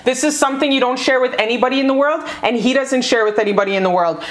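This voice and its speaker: A woman giving a casual pick-a-card love reading to her viewers. She gushes and swears freely, calling her audience "you guys.". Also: fairly high pitch. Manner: gushing and profane, addresses viewers as "you guys". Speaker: tarot card reader. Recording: roomy echo.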